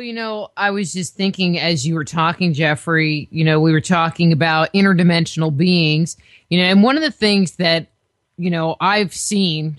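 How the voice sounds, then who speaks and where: A woman's voice: fairly low pitch, no room sound. A woman hosting a radio interview, asking long, rambling questions full of filler phrases. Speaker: radio show host.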